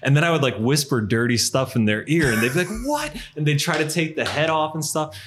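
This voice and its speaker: A man in his thirties chatting casually, telling old stories with lively acted-out quotes and frequent laughter. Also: fairly high pitch, fast talker. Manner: animated storyteller, acts out quoted lines, laughs often. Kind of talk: casual chat.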